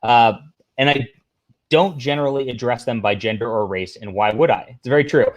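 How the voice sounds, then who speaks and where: Man, livestream host, casual rambling commentary, sarcastic asides, mid-pitched voice. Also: fairly quick, highs cut off. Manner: rambling, talks to chat, reads posts aloud.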